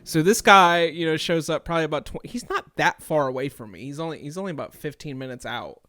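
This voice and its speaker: A young man co-hosting a podcast, telling a story in a casual, profane, animated way. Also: fairly high pitch, fast talker, dry recording, studio quality. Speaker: podcast co-host.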